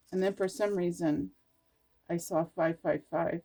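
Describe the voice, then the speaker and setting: A tired woman reading aloud from an oracle card book and reflecting in a meandering, halting way with laughs. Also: lowish voice, fairly even intonation, gravelly, dark tone. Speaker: spiritual oracle card reader. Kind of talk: casual spiritual vlog, reading aloud and reflecting.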